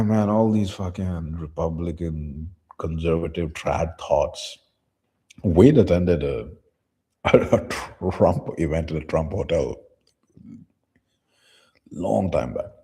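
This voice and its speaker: Guy with a low dark husky voice, ranting blunt and scornful, swears a lot. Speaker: commentary channel host. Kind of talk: casual commentary reading posts aloud.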